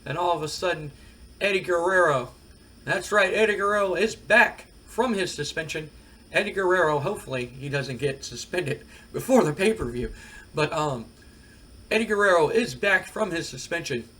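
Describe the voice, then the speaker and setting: A man's voice: a little high, moderate pace. A man casually talking through a wrestling management game for his channel, rambling with lots of fillers. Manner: rambling, relaxed, many fillers. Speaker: gaming video creator.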